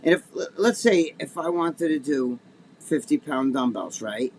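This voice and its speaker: Middle-aged male co-host, slightly raised pitch, swears freely and rambles through gym stories over faint noise. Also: lively intonation, a little slow, darkish tone. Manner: rambling, profane storytelling with many restarts. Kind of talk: casual podcast chat.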